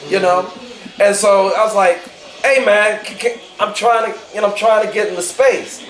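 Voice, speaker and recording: A man, telling an animated story at a family gathering and acting out the voices in it. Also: high voice, normal speed. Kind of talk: casual storytelling. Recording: roomy, with a crowd.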